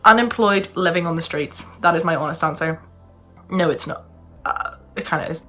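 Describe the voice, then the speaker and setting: A woman's voice: low-pitched, normal speed, a bit bright. A young woman with a Northern Irish accent, chatting casually to camera in a rambling, self-deprecating way while she answers viewers' questions. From Northern Ireland. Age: young adult. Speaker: vlogger. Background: faint music from another room.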